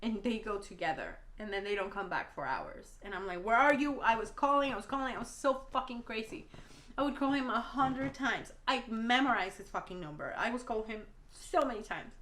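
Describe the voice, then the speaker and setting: A woman's voice: on the high side, animated, a little fast, fairly bright tone, echoey room. A woman telling an emotional storytime vlog, blunt and rambling, swearing a lot, a native Spanish speaker talking in English. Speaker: vlogger.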